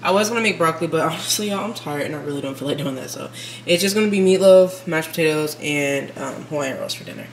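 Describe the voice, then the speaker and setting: A woman's voice: low voice, fast. A woman in her twenties talking casually to her viewers while cooking and hanging out at home, addressing them as "y'all". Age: 20s. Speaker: vlogger. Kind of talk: casual vlog chat. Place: home kitchen and living room. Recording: echoey room with background noise.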